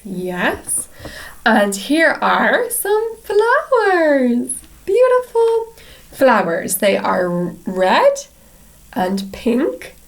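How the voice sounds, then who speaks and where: A woman teacher reading a picture book aloud to young English learners, speaking slowly and clearly in a sing-song way, with many encouraging yeses. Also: a little high. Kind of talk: slow read-aloud storytime for young learners.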